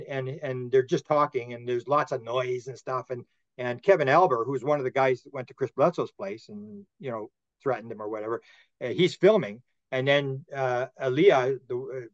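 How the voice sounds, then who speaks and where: A man's voice: medium pitch, no echo, muffled recording. A man, a podcast guest and author, telling long stories in casual interview talk, with many restarts and repeated words. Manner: rambling storyteller with frequent restarts.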